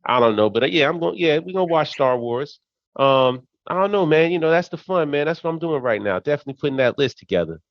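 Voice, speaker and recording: A man co-hosting a podcast, musing animatedly in casual chat and quick to laugh. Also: on the high side, animated, no echo. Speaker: podcast co-host. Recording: dull lo-fi podcast audio.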